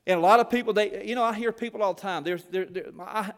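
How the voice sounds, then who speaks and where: A man's voice: high-pitched, fast talker, long reverb tail. A man preaching a sermon, telling folksy stories as a former missionary. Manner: folksy storytelling, Southern phrasing. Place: church.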